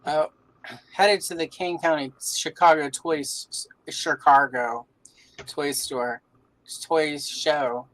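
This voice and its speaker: A woman's voice: deep voice, fairly even intonation, slow pace, rough recording. A woman from the American South with a Southern accent, hosting a casual livestream and greeting viewers by name. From Southern United States. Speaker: livestream host. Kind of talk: casual chat while coloring on stream. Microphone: streaming setup.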